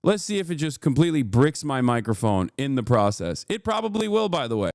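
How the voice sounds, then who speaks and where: A man's voice: medium pitch, very animated, brisk, vocal fry, a little mellow, no echo. A man in his thirties hosting a livestream, ranting in a heated, profane way with lots of fillers into a studio microphone. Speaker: livestream host. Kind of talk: casual stream chat. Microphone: studio microphone through a mixer.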